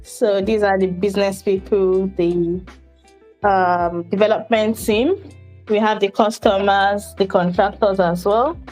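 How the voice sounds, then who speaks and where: A woman student answering in an online class over a video call, briskly listing examples. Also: mid-range voice, fairly even intonation, darkish tone, faint music behind.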